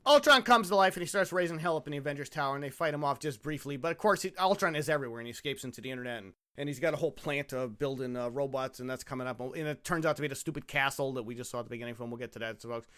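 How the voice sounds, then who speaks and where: A man's voice: mid-range voice, very fast, hardly any pauses, pushed and bright. A man hosting a casual comedy movie podcast, reading his notes and cracking crude jokes. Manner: joking, crude, reads from notes. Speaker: podcast host.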